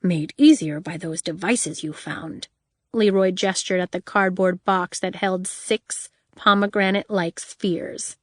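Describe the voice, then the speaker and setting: A woman narrates an audiobook in a measured, even storytelling style. Her voice is mid-range, and the studio-quality recording has no room sound.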